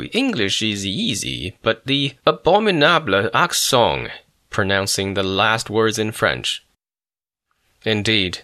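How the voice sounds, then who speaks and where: Formal, bright-toned male memoir narrator. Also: on the low side, dry recording, studio quality. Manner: measured, formal. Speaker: audiobook narrator.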